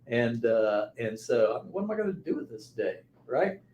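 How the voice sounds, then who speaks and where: A man's voice: mid-range voice, sing-song, moderate pace, a little mellow, highs cut off. A man in his fifties speaking as a podcast guest, reflective and earnest, often restarting his sentences. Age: 50s. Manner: reflective, earnest, repeats words when starting. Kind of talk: conversational interview. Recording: echoey room with faint background noise.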